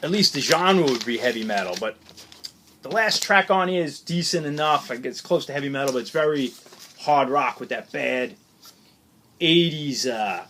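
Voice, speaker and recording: A man's voice: medium pitch, expressive, moderate pace, a bit bright, a little hiss or hum. A man who collects records, talking casually through his latest vinyl finds in a chatty, opinionated, rambling way. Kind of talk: casual unscripted record haul chat.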